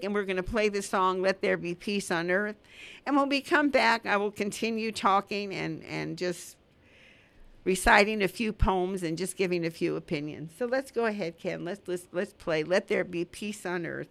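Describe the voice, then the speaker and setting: An older woman hosting a radio talk show, reading her poems slowly and warmly, then chatting about them. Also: creaky. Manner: slow, heartfelt recitation with lively rises in pitch. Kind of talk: poetry reading and casual chat.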